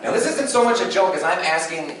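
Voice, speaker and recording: A man's voice: high voice, animated, fairly quick, background noise. A man doing stand-up comedy at a convention panel, telling loose stories with lots of fillers. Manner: loose storytelling with frequent fillers. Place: convention panel room with audience. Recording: echoey room recorded from far.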